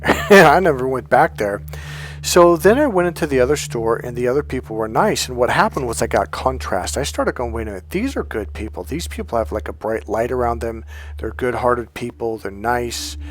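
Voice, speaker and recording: A middle-aged man coaching in a casual monologue, telling his own story in a candid, blunt way with frequent swearing. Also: medium pitch.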